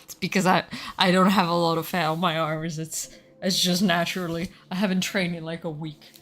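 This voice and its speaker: Brief: female streamer, casual live chat, slightly low voice, talkative and swears a lot. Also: flat delivery, brisk. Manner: chatty, swears freely, reacts loudly.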